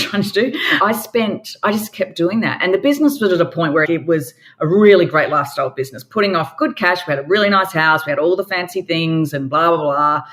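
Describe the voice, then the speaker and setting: Australian woman, forties, interview guest, animated emphatic storytelling. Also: low voice. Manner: animated, emphatic retelling with quoted dialogue. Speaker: guest entrepreneur.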